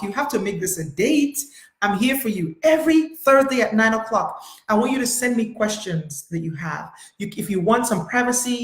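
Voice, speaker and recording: A middle-aged woman therapist hosting a live-streamed motivational talk, speaking emphatically and repeating herself as she addresses viewers directly. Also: mid-range voice. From United States. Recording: echoey room.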